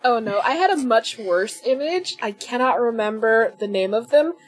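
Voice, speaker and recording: Chatty woman with a higher voice. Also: animated, moderate pace. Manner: chatty, giggly, searching for words. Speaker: player. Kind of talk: casual chat.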